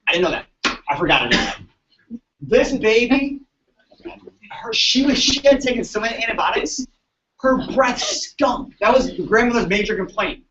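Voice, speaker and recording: Man, chiropractor, chatty animated storytelling, dull distant mic, echoey room. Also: very high-pitched, moderate pace. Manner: animated, chatty, keeps asking "right?". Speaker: chiropractor presenting to colleagues. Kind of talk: storytelling talk to an audience.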